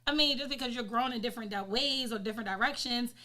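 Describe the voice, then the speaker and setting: A woman on a casual podcast, talking in emphatic, profane, quick bursts. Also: on the high side, sharp tone. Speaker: podcast co-host.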